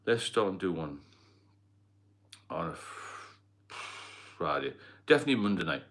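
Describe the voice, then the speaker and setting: A man's voice: deep voice, expressive, moderate pace, fairly bright tone. A middle-aged man with a mixed Geordie and London accent, hosting a casual livestream chat and rambling as he answers viewer comments. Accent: Geordie and London mix. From Northeast England. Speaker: livestream host.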